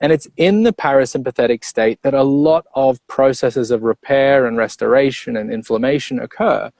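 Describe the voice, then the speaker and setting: A man in the role of a breathwork coach, explaining calmly and clearly. He walks through points one by one, often checking in with a quick "right?". His voice sits at a middle pitch and the recording is dry and close. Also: dry recording. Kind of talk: explanatory interview talk.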